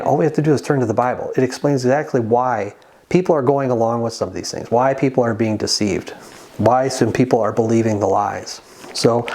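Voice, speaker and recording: A man preaches in a relaxed, conversational way, as if talking straight to the viewer. He stops often to read passages of scripture aloud, then explains them in plain words. His voice sits at an ordinary middle pitch. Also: husky. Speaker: Christian channel host. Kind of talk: sermon-style monologue.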